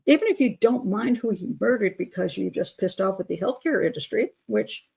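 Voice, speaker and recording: A woman's voice: mid-range voice, expressive, fairly quick, gravelly, few pauses, darkish tone, husky. An older woman hosting a live chat show, blunt and opinionated, laughing often as she reads out viewer comments.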